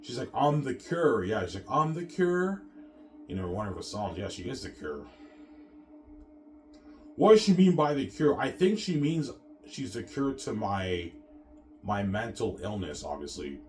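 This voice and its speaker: Low-voiced Canadian man rambling. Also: sing-song, darkish tone, soft background music. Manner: repetitive, trailing off with drawn-out filler words. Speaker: vlogger. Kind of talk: rambling monologue to camera.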